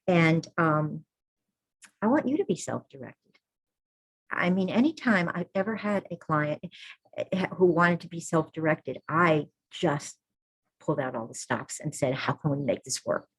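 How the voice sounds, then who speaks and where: A woman's voice: low-pitched, breathy edge, rough recording. A middle-aged woman, a birth keeper, gives an earnest, informal talk to an audience and keeps checking in with "all right" and "okay".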